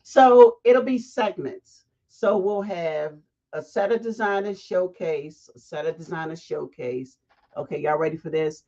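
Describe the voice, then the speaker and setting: A woman hosting a casual livestream, chatty and animated, breaking off into asides. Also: lowish voice, unhurried. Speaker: fashion week organizer hosting a livestream. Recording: dull lo-fi livestream audio.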